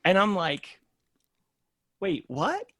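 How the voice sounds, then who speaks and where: A man's voice: sits high, extremely slow, dry recording, studio quality. A man guest on a podcast, telling a story in casual talk and acting out the lines of the people in it. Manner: animated storyteller acting out dialogue.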